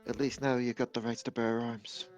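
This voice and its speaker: A man's voice: mid-range voice, flat delivery, fairly quick, muffled recording, soft background music. A man in a tabletop game, narrating his character's actions and cracking jokes. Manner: chatty, jokey. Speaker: player.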